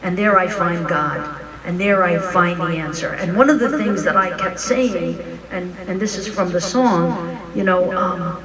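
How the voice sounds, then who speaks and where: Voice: medium pitch, a little slow, far from the mic, a loud crowd, poor audio. A minister giving a frank, joking, conversational sermon at a live church service. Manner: animated storytelling, frank and joking.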